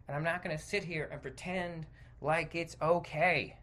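A man's voice: a little high, fairly even intonation, moderate pace, a bit bright, slight background noise. A man hosting a podcast, delivering a heated, profane opinion monologue that rambles and interrupts itself. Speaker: podcast host.

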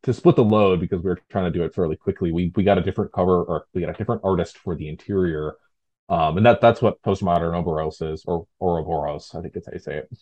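A man's voice: low voice, fast talker, darkish tone, lo-fi sound. A man talking casually as an interview guest, rambling with fillers and restarts. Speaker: guest, tabletop game designer.

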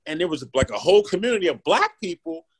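A man, a podcast guest telling his story in a lively, conversational way, often checking in with "right?". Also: sits high, fast, creaky, husky. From Philadelphia, USA. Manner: animated, keeps asking "right?", acts out quotes. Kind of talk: casual interview storytelling.

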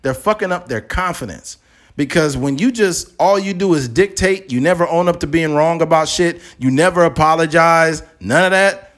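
A man's voice: a little high, moderate pace. A man hosting a casual podcast chat, talking bluntly and with plenty of profanity, acting out little scenes as he goes. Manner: blunt, profane, animated storytelling. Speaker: podcast host.

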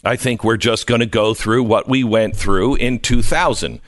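A man hosting a radio talk show, ranting with mocking jumps into a high squeaky voice. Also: normal speed, dry recording, clean studio sound. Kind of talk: opinionated radio monologue. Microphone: studio microphone.

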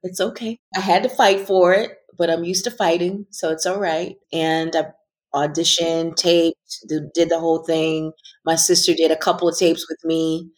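Woman, middle-aged, low voice, reflective and sincere interview guest. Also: flat delivery, normal speed. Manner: earnest, thoughtful, trailing off softly at times.

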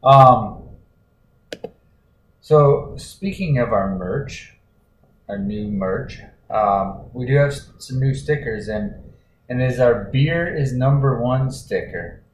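A man co-hosting a casual chat, talking in a relaxed, rambling way with fillers. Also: mid-range voice, slow pace. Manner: laid-back, rambling with fillers. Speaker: podcast co-host. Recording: roomy echo, faint noise.

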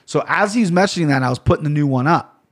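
A man talking to camera in a casual solo rant, rambling and cursing freely, with bursts of loud mock outrage. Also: on the high side, animated, quick pace. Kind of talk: casual solo rant about gear and fight news.

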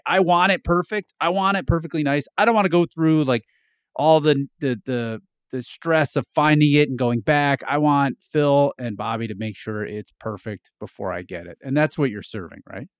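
Chill podcast host dude, easygoing and chatty, dry sound. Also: male voice, mid-range voice, normal speed, dry recording. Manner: casual, chatty, lots of short agreeing backchannels. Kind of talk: interview conversation.

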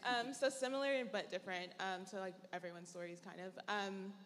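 A woman's voice: mid-range voice, steady tone, a little fast, fairly bright tone. A young woman from Tennessee, a panelist telling her story in a casual, chatty, reflective way. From Tennessee, USA. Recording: long hall reverb.

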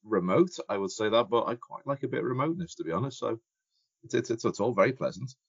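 A male podcast co-host in casual chat, halting and stammering, with dry humour. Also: medium pitch, expressive, breathy edge, no room sound, highs cut off.

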